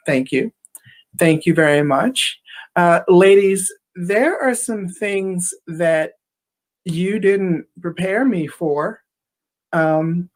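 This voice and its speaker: A transgender woman comic who takes her time onstage, pausing and filling gaps with ums as she builds her jokes. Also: lowish voice. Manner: halting, filler-laden delivery. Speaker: stand-up comedian. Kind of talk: stand-up comedy. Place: comedy club stage.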